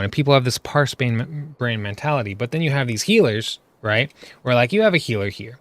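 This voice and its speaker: A man's voice: medium pitch, animated, a little fast, a bit bright, no echo. Exasperated man ranting over gameplay. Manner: exasperated, full of rhetorical questions. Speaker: gaming video creator.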